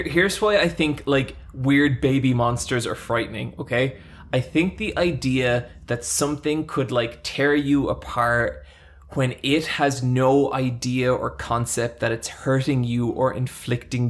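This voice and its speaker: A man co-hosting a casual podcast, animated and swearing, with rambling restarts. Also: medium pitch, a little slow, gravelly. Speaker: podcast co-host.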